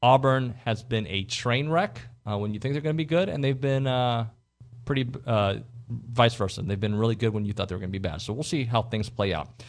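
A man's voice: mid-range voice, a little fast. A man hosting a sports talk radio show, giving strong opinions in a rambling way, with fillers and restarts.

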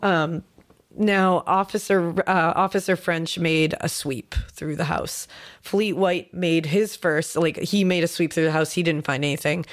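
Her delivery is a little slow, her voice on the low side with fairly even intonation. She's co-hosting a relaxed true-crime podcast, recounting a case to her co-host in story form, full of fillers.

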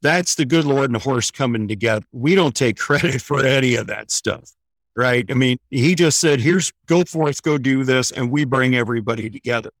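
Big-voiced man telling a lively story. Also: medium pitch, moderate pace, dry recording. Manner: animated storyteller, acts out quotes. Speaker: guest running horse programs for veterans. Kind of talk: casual storytelling on air.

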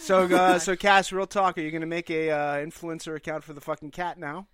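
A man's voice: a little high, flat delivery, a little fast, a bit bright, clean tone. A man, co-hosting a podcast and teasing his friend in casual, laughing banter. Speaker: podcast co-host. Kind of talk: casual chat.

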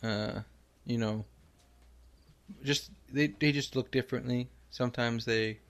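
A man voicing a deadpan, clannish male loon, tagging his lines with "eh?" in an improvised comedy interview. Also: medium pitch, measured pace, close to an everyday voice.

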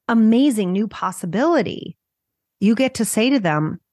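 A woman's voice: medium pitch, animated, moderate pace, a little mellow, no room sound, studio quality. A woman talking as a business coach on a podcast, enthusiastic and gushing, acting out little imagined dialogues. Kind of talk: podcast conversation.

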